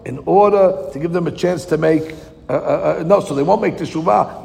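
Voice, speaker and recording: Man, Torah teacher, gravelly voice, fairly high pitch, reads verses slowly then explains, rhetorical questions. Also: darkish tone. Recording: long hall reverb.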